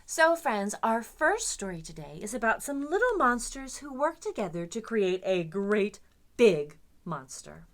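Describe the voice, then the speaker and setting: A woman librarian reading a picture book aloud to children with expressive, dramatic storytelling. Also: mid-range voice, measured pace.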